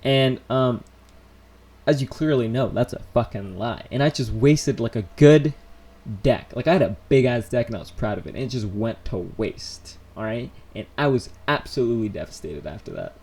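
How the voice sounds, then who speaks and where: A young man telling stories on a casual live stream, rambling and animated, full of fillers and restarts. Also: medium pitch, moderate pace, breathy edge. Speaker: vlogger.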